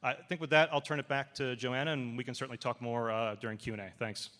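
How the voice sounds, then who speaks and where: A man pitches his company's product to a conference audience with an enthusiastic, salesy delivery. His voice is mid-pitched and bright, pushing forward. A long reverb from the big hall hangs behind every phrase. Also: fairly even intonation, fast talker. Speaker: partner company presenter. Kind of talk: conference presentation.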